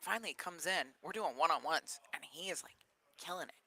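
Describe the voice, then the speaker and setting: On a low-quality recording, a woman football coach appearing as a radio guest races through stories in a fairly low, breathy-edged voice. She's animated, playing the people she describes.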